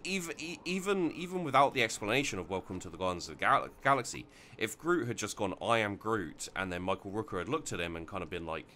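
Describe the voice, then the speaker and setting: A low-voiced man chats loosely over his game footage, circling back and restarting his sentences as he goes. His voice has a bright, forceful edge, with a faint hiss underneath. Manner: rambling, many restarts and fillers. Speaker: let's play host. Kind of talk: casual gameplay commentary.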